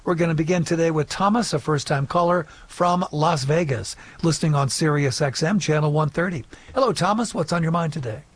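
A man hosts a live call-in radio program with an upbeat, clear delivery. His voice sits a little high for a man. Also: a little fast, hardly any pauses, no room sound. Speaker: radio show host.

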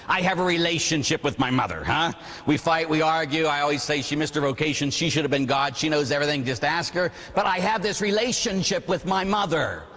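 A middle-aged man, a priest, preaching a sermon with animated storytelling and mimicked voices. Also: on the high side, in a large hall.

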